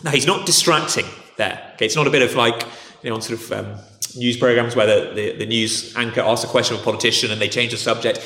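Posh English preacher in an echoey hall. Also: male voice, mid-range voice, steady tone, fast, pushed and bright. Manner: conversational, many restarts and "okay"s. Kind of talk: sermon.

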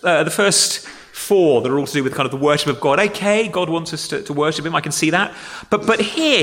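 A man's voice: on the high side, fairly quick, hardly any pauses, a bit bright, big-room sound. A man preaching a sermon to children and adults, conversational and explaining with examples. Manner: conversational, with acted-out grumbling quotes.

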